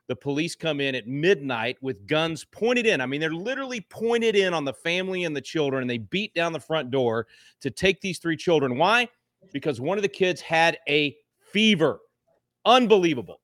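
A man's voice: on the high side, a bit bright, no room sound, clean studio sound. A middle-aged man appearing as a guest, speaking with fervent anger and frequent restarts. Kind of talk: impassioned talk show commentary.

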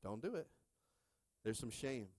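A middle-aged male pastor preaching a sermon with animated call-and-response, shifting between hushed talk and shouts. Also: medium pitch, measured pace, no echo.

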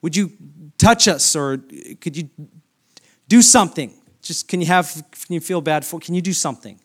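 Middle-aged man, pastor, higher-pitched voice, preaching a sermon that swells from quiet reflection into passion. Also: expressive, moderate pace, slightly rough. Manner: builds from quiet reflective reading to loud, high, impassioned preaching.

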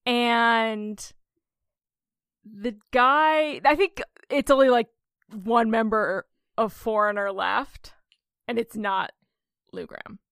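A woman co-hosting a podcast, telling stories in a lively, animated way and laughing often. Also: a little high, takes it slowly, vocal fry, pauses often, clear, resonant tone, dry recording, clean studio sound. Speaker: podcast co-host. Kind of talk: casual chat.

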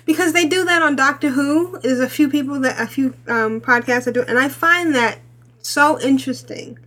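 High-voiced chatty woman podcast host. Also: normal speed, a bit bright. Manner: chatty, laughs often. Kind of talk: casual chat.

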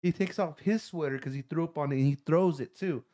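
A man telling a profane story to friends, animated and laughing as he goes. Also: on the high side, brisk. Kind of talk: casual storytelling among friends.

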